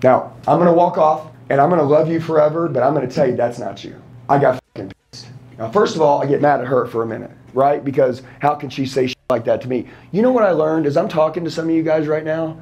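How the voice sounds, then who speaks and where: A man's voice: a little high, fast, hardly any pauses, a little mellow, muffled recording. A man in his thirties, a sales trainer, giving a blunt, profane, confrontational motivational talk to a room full of people. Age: 30s. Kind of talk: fired-up motivational seminar talk.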